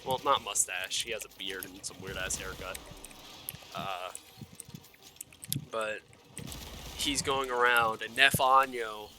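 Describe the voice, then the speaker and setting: A young man rambling excitedly about a video game, swearing a lot and stumbling over fillers and self-corrections. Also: lowish voice, takes it slowly, pauses often, background noise. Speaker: gaming video creator. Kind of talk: excited, rambling gaming commentary.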